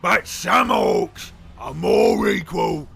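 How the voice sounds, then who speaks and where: A man's voice: high voice, very animated, slow pace, vocal fry, fairly bright tone, husky, shouting, faint music behind, pitched above the performer's own voice, full character voice. A man voicing a big, boastful male orc warrior in a guttural, growling Cockney voice for a video game. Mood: defiant. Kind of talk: edited video game voice acting.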